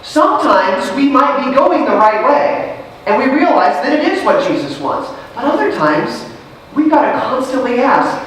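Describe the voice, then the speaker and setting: A woman's voice: high-pitched, sing-song, moderate pace. A woman pastor preaches from some distance off the microphone, and her voice rings through a very echoey church sanctuary over a faint room hum. She reads scripture aloud, then talks it through with her listeners in an easy, conversational way, full of questions. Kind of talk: sermon. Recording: very echoey sanctuary, picked up from afar.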